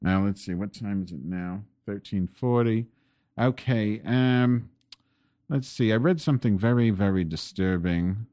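Male host, very low voice, rambling profane political rant at his home desk. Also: measured pace, dark tone, no echo, clean studio sound. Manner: rambling, profane and increasingly angry. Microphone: desk microphone pointed at keyboard.

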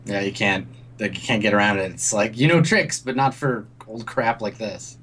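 A man's voice: fairly low pitch, moderate pace, a bit bright, slightly rough. A man narrating as game master, hesitant, with many ums and restarts.

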